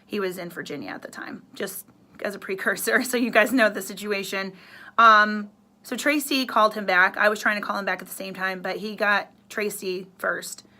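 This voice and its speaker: A woman's voice: medium pitch, normal speed, pushed and bright. A woman in her thirties, a radio host, telling a personal story in an earnest, emotional way.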